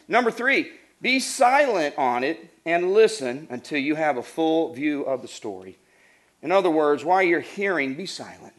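Animated storytelling male preacher. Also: fairly high pitch. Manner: animated, acts out voices, laughs while telling stories. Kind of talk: sermon with humorous storytelling.

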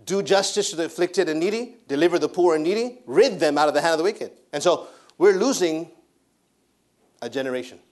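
A man preaching a sermon in a somewhat high voice. He drives his points home with emphatic repetition and breaks into laughter as he goes. He speaks as a missionary pastor addressing a church congregation. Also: expressive, a little fast, a little mellow. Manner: emphatic preaching, repeating phrases, laughing often.

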